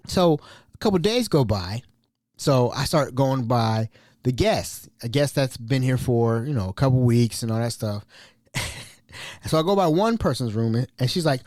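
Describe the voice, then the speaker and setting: A man's voice: medium pitch, very animated, normal speed, a little mellow, dry recording, studio quality. A man hosting a podcast, telling a story casually and animatedly, acting out quotes and sound effects. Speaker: podcast host.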